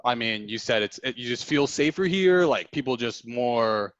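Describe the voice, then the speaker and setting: Male podcast host, halting and casual, dry lo-fi recording. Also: mid-range voice, lively intonation, no room sound. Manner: halting, searches for words and restarts questions. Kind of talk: casual interview chat.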